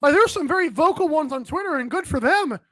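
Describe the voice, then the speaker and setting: A woman's voice: high voice, lively intonation, fast, a bit bright, dry recording. A woman hosting a sports talk show, rambling in an exasperated, casual rant full of fillers. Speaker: sports podcast host.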